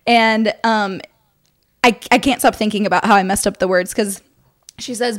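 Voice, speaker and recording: A young woman co-hosting a casual podcast, telling an excited story fast with lots of fillers. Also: mid-range voice. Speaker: podcast co-host. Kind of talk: casual chat.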